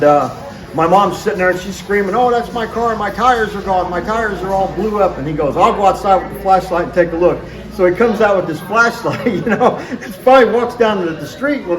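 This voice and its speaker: A man hosting a show, telling rambling family stories and often laughing as he goes. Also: sits high. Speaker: show host. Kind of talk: casual storytelling. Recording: roomy echo.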